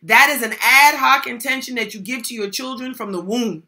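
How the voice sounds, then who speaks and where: An older woman speaking as a workshop presenter, her voice bright and forceful and sitting a little high. She talks emphatically and folksily, circling back to the same key phrases to drive her points home. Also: moderate pace. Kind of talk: motivational talk on mental health support.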